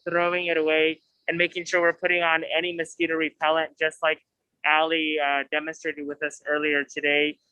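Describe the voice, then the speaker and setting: A man from a public health outreach team summing up tips in a steady, prepared way. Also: a little high, clear, resonant tone, no room sound, rough recording.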